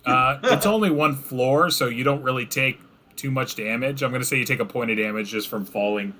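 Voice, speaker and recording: A man's voice: mid-range voice, brisk, pushed and bright. A man running a tabletop game as game master, acting out the players' reactions with laughs.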